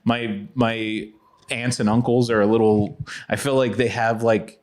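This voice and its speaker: A man's voice: fairly low pitch, flat delivery, a little slow. A man co-hosting a podcast in casual chat, a comedian who rambles and restarts his sentences a lot. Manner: rambling, hesitant with many restarts.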